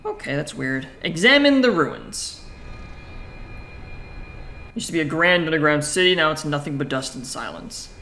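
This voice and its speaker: A bright, clear-toned man talks through a text adventure, reading its lines aloud and reacting with casual, profane asides. The recording carries a faint hiss underneath. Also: fairly high pitch, normal speed, long pauses. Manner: casual, swears, jokey self-talk; reads game text aloud in a flat voice. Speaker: gaming streamer. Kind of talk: let's play commentary, reading game text aloud.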